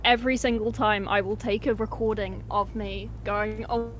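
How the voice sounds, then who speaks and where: A woman's voice: medium pitch, fairly even intonation, normal speed, slight background noise. A woman in a casual stream chat, giggly and self-deprecating, with hesitant starts.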